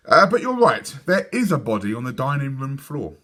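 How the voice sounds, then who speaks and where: A man voicing a busy, brisk mother in a storybook reading, with a higher, scolding tone. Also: very animated, fairly bright tone.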